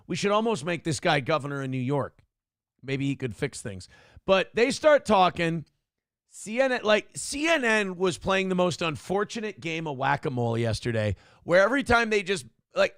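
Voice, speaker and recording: A man's voice: a little high, a bit bright, no room sound, clean studio sound. A man hosting a morning show, riffing crudely and mockingly on news clips. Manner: profane, mocking, does jokey impressions. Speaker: show host.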